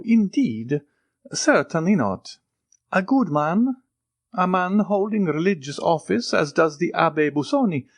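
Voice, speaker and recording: A man voicing a timid, eager old ex-soldier in a high, quavering, fawning voice. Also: dry recording, heavily acted.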